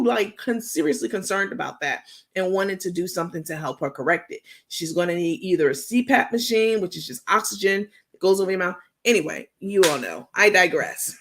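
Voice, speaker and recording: Host: New York woman, gravelly, loose slangy gossip talk. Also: mid-range voice, a bit bright. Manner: chatty, drawn-out, slangy, full of fillers. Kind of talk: gossip commentary stream.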